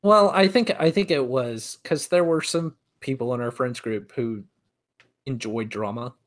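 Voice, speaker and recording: A young man in casual chat who stops and restarts his sentences and trails off softly. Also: mid-range voice, a little slow.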